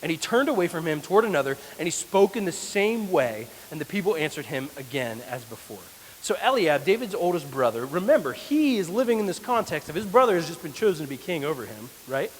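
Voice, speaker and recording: Male pastor, lively storytelling sermon, fairly high voice, long church reverb with faint hiss. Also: fairly quick, few pauses. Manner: animated storytelling. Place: church hall.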